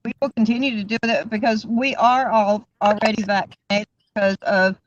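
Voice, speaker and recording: A woman's voice: mid-range voice, steady tone, moderate pace. A woman co-hosting a livestream, chatting casually and laughing often. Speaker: co-host of a livestream. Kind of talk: casual group chat. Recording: dull lo-fi stream audio with faint hiss.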